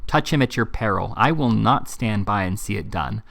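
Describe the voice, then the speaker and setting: A man voicing an indignant young male teacher who speaks firmly and forcefully. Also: lowish voice, expressive, normal speed, vocal fry. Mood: defiant. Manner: firm, forceful, earnest.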